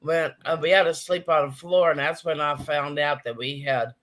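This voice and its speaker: A man's voice: fairly high pitch, fairly even intonation, normal speed, a bit bright. A man hosting a casual live stream, chatting and reading viewers' comments aloud.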